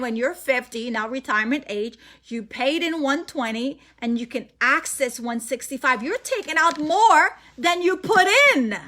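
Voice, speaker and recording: Woman, high voice, bright, excited emphatic sales pitch, presenter. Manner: excited, emphatic, repeats points to the audience. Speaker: financial presenter.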